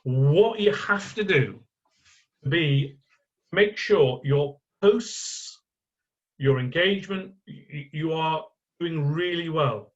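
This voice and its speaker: A man's voice: fairly high pitch, lively intonation, slow. A middle-aged man leading a live screen-share tutorial in a chatty way, with rhetorical questions and frequent restarts. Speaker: online course instructor. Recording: dull lo-fi audio.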